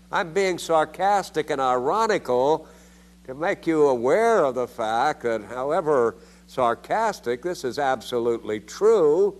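A man's voice: expressive, measured pace. An older man giving a theology lecture, emphatic and full of rhetorical questions, with his voice jumping up for emphasis. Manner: emphatic, with rhetorical questions and sudden rises in pitch.

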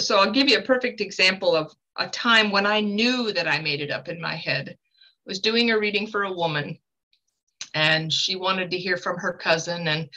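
A woman working as a medium tells stories and gives advice in an earnest, conversational way, with lively swings in pitch for emphasis. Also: low-quality recording. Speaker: medium and guest speaker. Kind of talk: conversational teaching talk.

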